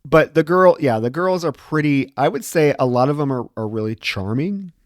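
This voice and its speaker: A man's voice: fairly high pitch, lively intonation, normal speed, no echo, studio quality. A man co-hosting a podcast, recapping a film in a rambling, casual way with some swearing. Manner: rambling plot recap with profanity. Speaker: podcast co-host.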